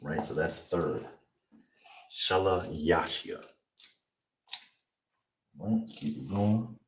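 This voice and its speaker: A man teaching a language class, breaking words into syllables and repeating each one slowly. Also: low-pitched, expressive, darkish tone. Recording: distant mic with clear background noise.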